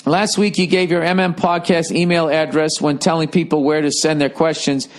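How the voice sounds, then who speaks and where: A man's voice: level tone, normal speed. A middle-aged man hosting a podcast, reading listener emails and giving blunt, profane advice in a casual comedic rant. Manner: profane, blunt, swings loud and high for emphasis. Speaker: podcast host.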